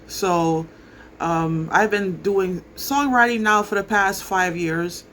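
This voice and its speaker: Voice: mid-range voice, slow, a bit bright, a little hiss or hum. A person giving a casual spoken commentary, talking hesitantly with many filler ums and restarts. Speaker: entertainment commentator.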